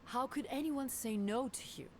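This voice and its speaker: A woman's voice: high voice, moderate pace, a little hiss or hum. A woman voicing a loyal, formal female palace guard captain in a game, speaking with deference. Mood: formal, pleading. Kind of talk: voiced game dialogue.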